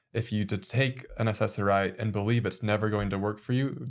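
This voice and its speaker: A man from a clinic's team explaining medical research in a podcast conversation, measured and full of casual fillers. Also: on the low side. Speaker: clinic staff member.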